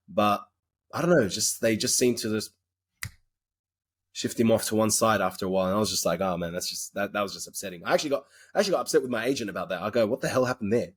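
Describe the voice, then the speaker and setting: A man with an Australian accent, a guest actor talking casually and bluntly in a podcast interview, rambling through his stories and swearing now and then. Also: on the low side.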